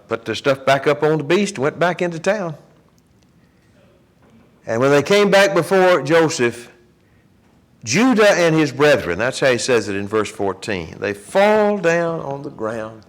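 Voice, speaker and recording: A man teaching a Bible class in a church, retelling the story in a lively way and acting out the people's words. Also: mid-range voice.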